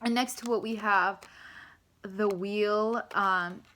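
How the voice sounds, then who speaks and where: A young woman reads tarot cards for her viewers in a loose, rambling way, wearing her feelings openly and swearing without a second thought. Her voice is bright and forward, sitting in an ordinary middle pitch. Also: steady tone, slow pace. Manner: rambling, emotional, swears freely. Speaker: tarot reader. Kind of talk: casual tarot reading vlog.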